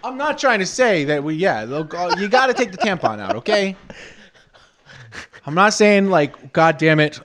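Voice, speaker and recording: A man's voice: sits high, big pitch swings, moderate pace, fairly bright tone. A man co-hosting a casual podcast, joking crudely and rambling with restarts. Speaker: podcast co-host. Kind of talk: casual chat.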